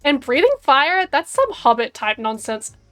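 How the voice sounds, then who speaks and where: A woman's voice: high-pitched, sing-song, measured pace, a bit bright, soft background music, full character voice. A woman voicing a proud female samurai ghost in a dating game, speaking in a mocking, dismissive way.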